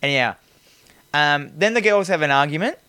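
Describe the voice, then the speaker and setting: A man's voice: fairly high pitch, expressive, fairly quick, bright, forceful tone, clean tone, no room sound. A man co-hosting a casual film review chat, rambling, swearing freely and acting out scenes. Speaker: podcast co-host reviewing a film.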